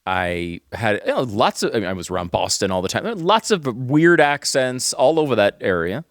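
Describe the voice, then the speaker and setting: A podcast co-host whose speech wanders and restarts as he reaches for his point. His pitch moves around a lot, and the recording is dry and close with no room sound. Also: big pitch swings, moderate pace, no room sound. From Northeastern US. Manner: rambling, self-interrupting, laughs often. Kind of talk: casual podcast chat.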